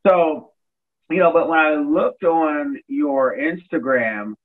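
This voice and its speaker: Husky man on a tinny line. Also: fairly high pitch, slow. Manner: advising, encouraging. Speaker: podcast host. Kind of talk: casual interview.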